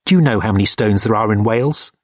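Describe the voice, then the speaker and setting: A man voicing a taciturn, gruff old man at a feast, grumbling in short phrases for an audiobook. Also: fairly low pitch, quick pace, no echo, studio quality, natural voice. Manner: laconic, grumbling.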